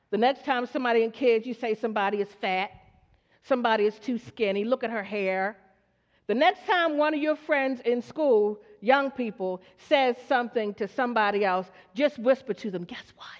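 A woman preaching a sermon to her congregation, asking them questions and acting out the characters in her story. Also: fairly high pitch. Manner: call-and-response, asks the congregation questions; acts out story characters in quoted voices. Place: church hall. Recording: dull lo-fi recording with long hall reverb.

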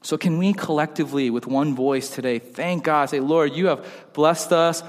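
A young man, casual and joking, telling stories in an animated way. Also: a little high, moderate pace. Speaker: pastor. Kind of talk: sermon. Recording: long hall reverb.

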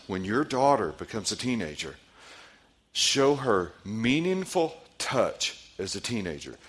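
A man's voice: on the low side, fairly bright tone. A man in his forties, a pastor leading a parenting seminar, who asks the audience questions and repeats their answers. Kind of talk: interactive seminar talk.

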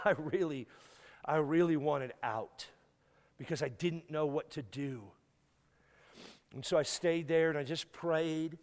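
A guest pastor telling a painful story in a sermon, tearful and halting, stumbling and repeating words as he is moved. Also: on the high side. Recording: long hall reverb.

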